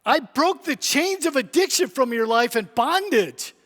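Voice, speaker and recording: A tender, sorrowful God pleads over and over, as a high-voiced male preacher speaks for him. The words carry a long reverb through a church sanctuary. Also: expressive, measured pace, a bit bright, heavily acted. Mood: pleading. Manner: repeats one aching question. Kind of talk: sermon.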